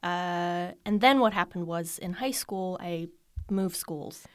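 A woman with an American accent, hosting a relaxed conversation and telling stories in a lively way. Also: fairly low pitch, takes it slowly, clean tone, no room sound, clean studio sound. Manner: relaxed, laughs easily, lively storytelling. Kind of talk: casual conversation.

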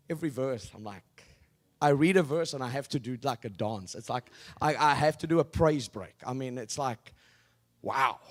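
A male pastor with a medium-pitched voice preaches a sermon, swinging between loud declarations and hushed asides. He leads the congregation in call-and-response.

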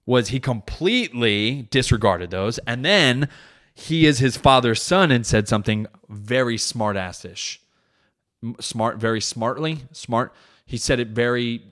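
A man's voice: mid-range voice, fairly bright tone. A comedian and podcast host, a father, telling a rambling story in casual, profane, self-correcting chat.

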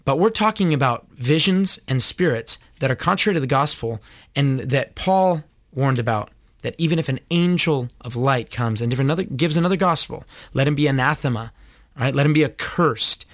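A man's voice: mid-range voice, expressive, brisk, a bit bright, no room sound. Earnest preachy man, dry close sound. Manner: earnest, preachy, stammering restarts. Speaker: host. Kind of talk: critical commentary on church teaching.

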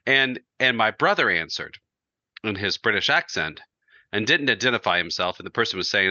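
A man's voice: lowish voice, expressive, fairly quick, bright, forceful tone, no room sound, muffled recording. A man co-hosting a podcast, telling a story in casual chat and laughing through his words. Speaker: podcast co-host.

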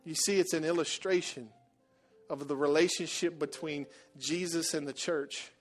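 A middle-aged man preaching a sermon, dropping to a quiet confessional murmur and then building to loud exhortation. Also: a little high, fairly even intonation, moderate pace. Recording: soft music behind.

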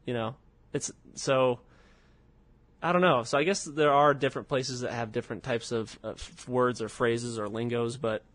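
A man's voice: medium pitch, steady tone, normal speed, fairly bright tone, dry recording. A man hosting a casual podcast with friends, talking in a rambling, hesitant way. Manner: rambling, hesitant, many restarts. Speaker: podcast host. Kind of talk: casual chat.

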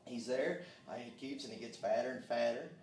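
Fervent preacher in echoey room. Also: male voice, mid-range voice, fairly quick, a little hiss or hum. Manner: fervent, calls out amen, drops to hushed tones. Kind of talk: sermon. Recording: echoey room, mic far off.

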